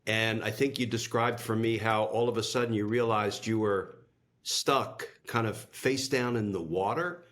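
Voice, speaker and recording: A man hosting an interview, asking measured, gently leading questions. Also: fairly low pitch, steady tone. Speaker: host.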